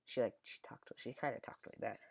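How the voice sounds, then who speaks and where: A young man telling a childhood story in a casual, rambling way, often correcting himself mid-sentence. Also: quick pace. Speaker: storyteller vlogger.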